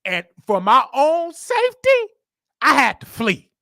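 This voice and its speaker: Lively, bright-voiced man telling a story. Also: extremely high pitch, unhurried, dry recording, clean studio sound. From Chicago. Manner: animated and emphatic, repeats himself for effect. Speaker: show host. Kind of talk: casual storytelling monologue.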